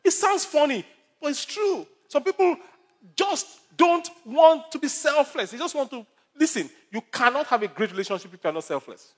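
A man's voice: very high-pitched, expressive, moderate pace. A male pastor preaching a sermon with numbered points, stories and humor.

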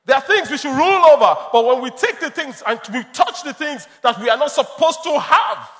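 A man's voice: very high voice, animated, brisk, pushed and bright. A man preaching a sermon, emphatic and storytelling, laughing often. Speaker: pastor. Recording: long reverb of a large hall.

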